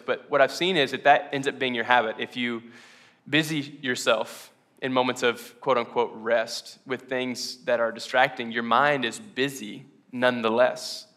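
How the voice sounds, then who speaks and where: A man's voice: medium pitch, steady tone, a little slow, bright, forceful tone. A man preaching a casual, conversational sermon to his congregation, laughing often and asking them questions. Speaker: pastor.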